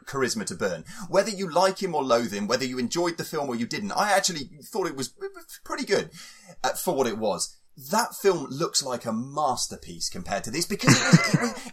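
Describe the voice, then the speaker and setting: A man hosting a casual film review chat, wry and animated. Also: mid-range voice, breathy edge. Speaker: podcast host.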